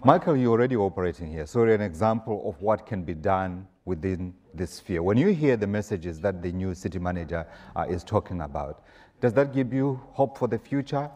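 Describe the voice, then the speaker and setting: A man moderating a panel, putting brisk, direct questions to the speakers. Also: low-pitched, expressive, a little mellow.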